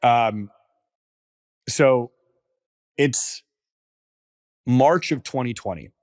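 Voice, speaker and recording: A man in his thirties, a startup founder, talking casually on a podcast with lots of fillers and quick asides. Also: medium pitch, darkish tone, no echo, studio quality. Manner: casual, filler-heavy storytelling.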